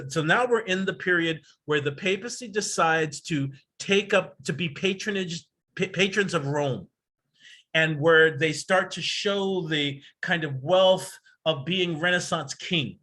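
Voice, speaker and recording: A man's voice: on the high side, bright, forceful tone. A man hosting an astrology workshop over a video call, lecturing casually in a rambling, digressive way with the odd swear word.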